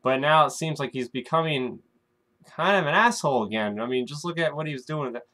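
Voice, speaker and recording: A man's voice: on the high side, brisk, sharp tone. Chatty man recapping to viewers. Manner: chatty, speculative, keeps calling viewers "guys". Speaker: show recap host. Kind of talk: casual chat to the camera.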